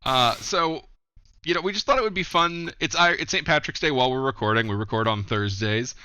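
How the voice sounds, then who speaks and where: A man's voice: on the high side, a little fast, smooth. A man hosting a podcast, introducing guests and chatting casually and with laughter. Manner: laughing, relaxed rambling. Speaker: podcast host. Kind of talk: casual group chat. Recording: dull lo-fi sound.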